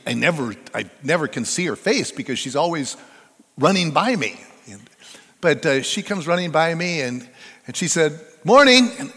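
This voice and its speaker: A man's voice: a little high, fairly bright tone. An older man preaching as a pastor, telling stories in a chatty, conversational way and drawing the congregation in. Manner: conversational, chatty storytelling that draws the audience in. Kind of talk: sermon. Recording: long reverb of a large hall.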